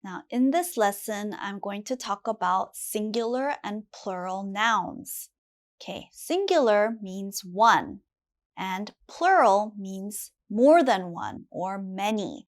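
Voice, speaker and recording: A woman teaching basic English grammar, saying each word slowly and clearly and repeating it for learners. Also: mid-range voice, animated. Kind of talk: slow, clear classroom lesson.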